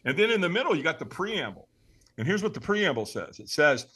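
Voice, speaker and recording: A middle-aged man telling stories as a podcast guest, animated and emphatic. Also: high voice, normal speed, slightly rough. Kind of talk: storytelling in an interview.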